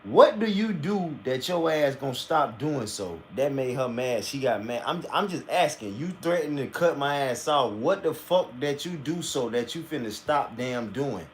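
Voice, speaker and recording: A man's voice: mid-range voice, normal speed, few pauses. Blunt, profane man reacting live. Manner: blunt, profane, animated storytelling. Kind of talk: profane casual commentary.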